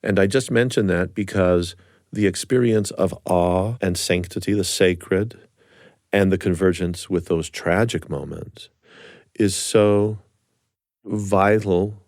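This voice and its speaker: A man hosting a radio interview, speaking in a thoughtful, gentle and measured way. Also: deep voice, fairly even intonation, no room sound, studio quality. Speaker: host.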